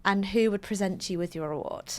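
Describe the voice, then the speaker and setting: Woman cohosting a chatty podcast, middle pitch, asks lots of quick questions. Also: darkish tone. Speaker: podcast co-host. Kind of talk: casual podcast chat.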